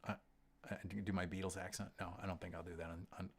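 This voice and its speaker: A deep, low-pitched man talks through viewer questions on his livestream. He rambles casually, stopping and restarting often with ums, and sounds middle-aged and unhurried. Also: level tone. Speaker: host of a gear livestream. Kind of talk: casual livestream chat reading comments.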